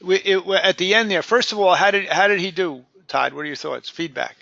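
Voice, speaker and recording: Male sales coach, high gravelly voice, punchy repetitive delivery, dry dull recording. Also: a little fast, no room sound. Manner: energetic, repeats words, says "boom". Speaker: sales trainer. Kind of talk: coaching a live training session.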